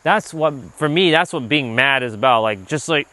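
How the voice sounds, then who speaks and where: A man hosting a livestream while out on a walk, talking loosely and casually, filling his talk with "like" and now and then letting a swear slip when he gets animated. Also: mid-range voice, moderate pace, hardly any pauses, dry recording. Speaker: livestream host, self-improvement speaker. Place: outdoors on a walk. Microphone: handheld gimbal rig.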